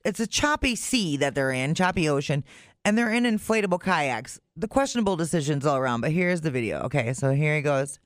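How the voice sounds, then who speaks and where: A woman's voice: deep voice, animated, brisk, no room sound. A woman co-hosting a radio morning show, telling a news story and reacting dryly to her partner. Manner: storytelling, dry and exasperated. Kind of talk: casual radio banter.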